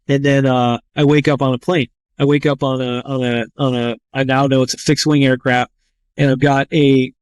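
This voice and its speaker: A man's voice: mid-range voice, dry recording. A man, a trauma surgeon and podcast guest, telling his story in a blunt, profane and casual way with frequent restarts.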